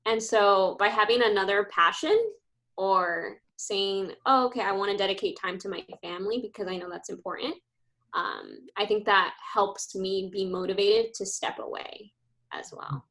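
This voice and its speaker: A woman's voice: mid-range voice, animated, a bit bright. Chatty woman teacher on a panel. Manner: chatty, with many "like"s and fillers, quick laughs. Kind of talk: casual panel discussion.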